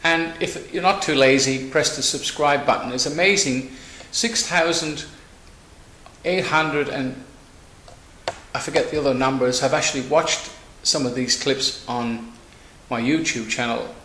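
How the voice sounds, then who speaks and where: A man closes his channel's video with a chiding, plain-spoken sign-off. His voice is bright and sharp, recorded in an echoey room with a faint hiss. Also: mid-range voice, a little slow. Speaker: channel host. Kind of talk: casual sign-off.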